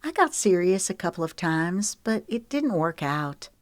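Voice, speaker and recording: Woman doing a guarded young woman on a reality show, wry and candid, a bit self-deprecating, voice sitting a little low and dry. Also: very animated, unhurried, dry recording.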